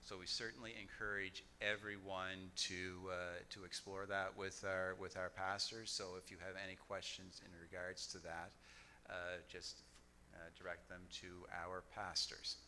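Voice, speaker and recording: A man chairing a church business meeting, speaking haltingly with many fillers and restarts. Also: low-pitched, flat delivery, bright, forceful tone, slight background noise.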